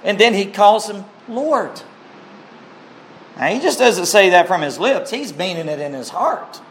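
A man preaching a sermon in a slow, earnest, heartfelt way, with emphatic rises and an occasional cleared throat. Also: sits high, expressive, a bit bright, a little hiss or hum. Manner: clears throat now and then.

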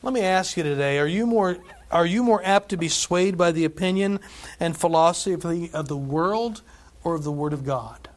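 It's an animated sermon from a pastor whose voice is high for a man. Scripture gets read with heavy, drawn-out emphasis, and in between he drifts into casual asides, laughing as he goes.

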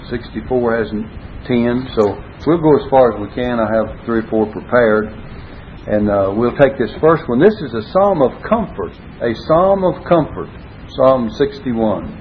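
A man preaching a Bible study sermon, earnestly stressing key words and quoting scripture in old-style wording. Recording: phone-like lo-fi recording with faint rumble.

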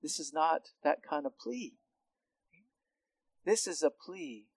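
A man's voice: a little high, expressive, slow, long pauses, no echo. A man teaching through a psalm verse by verse, talking conversationally with frequent restarts and tag questions. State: hard of hearing. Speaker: Bible teacher. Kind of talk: expository Bible teaching.

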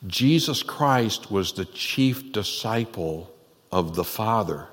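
A man pastor preaching a conversational, animated sermon in a church, with frequent laughs. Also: on the low side, slow. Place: church sanctuary. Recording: long reverb in a church hall.

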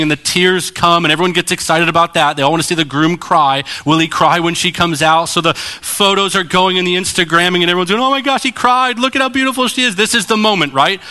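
A man preaching a sermon as pastor, direct and challenging, acting out voices as he tells stories. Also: a little high. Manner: animated storytelling, acting out voices.

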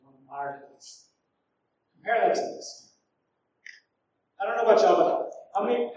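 A man preaching a sermon, animated and acting out quoted voices. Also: a little high. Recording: echoey room from far off, faint noise.

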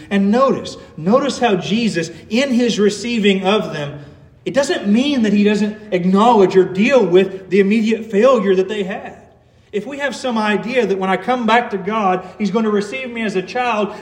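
A man preaching a sermon, earnest, growing emphatic and then softening on tender words. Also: high-pitched, roomy sound. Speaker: pastor.

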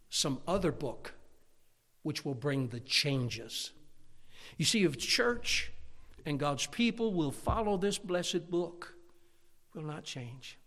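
A man preaches an emphatic sermon, his voice pitched a little high. His words swell and drop in loudness as he drives each point home. The sound rings with the long reverb of a church hall. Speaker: pastor.

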